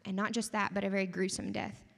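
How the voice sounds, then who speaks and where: A young woman giving a conversational, animated sermon to a campus group, often asking the audience questions. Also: mid-range voice, fast talker, vocal fry. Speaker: campus ministry speaker. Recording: long hall reverb.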